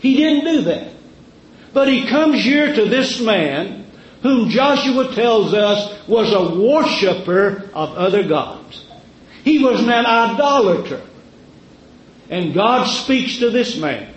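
Man, preacher, drawn-out sermon delivery, rhetorical questions, unhurried, echoey room. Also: high-pitched, big pitch swings, highs cut off.

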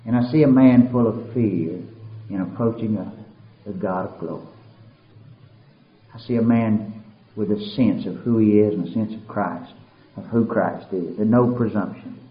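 A man preaching a sermon, dropping to a hush and then building to shouted, climbing peaks. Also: moderate pace, long pauses. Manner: swings from hushed and low to soaring shouted peaks. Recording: roomy, dull lo-fi recording.

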